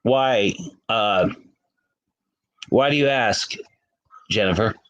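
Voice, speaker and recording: A man's voice: lowish voice, slow pace, fairly bright tone, poor audio. A man hosting a casual livestream, chatting with viewers by name and laughing often. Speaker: livestream host.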